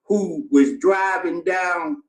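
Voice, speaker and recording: A man with a St. telling stories slowly and emphatically in casual group chat. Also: high voice, roomy sound, distant mic, poor audio. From St. Louis. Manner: slow, emphatic storytelling.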